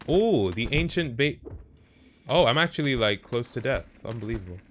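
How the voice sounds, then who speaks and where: A man's voice: mid-range voice, animated, normal speed. A young man streaming a video game, chatting casually and reacting to his chat over noisy audio. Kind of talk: casual live-stream commentary.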